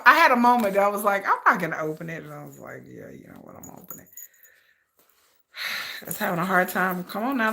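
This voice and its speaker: A woman hosting a casual unboxing livestream, excitable and chatty, talking straight to her viewers and repeating herself. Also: mid-range voice. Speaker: livestream reaction host.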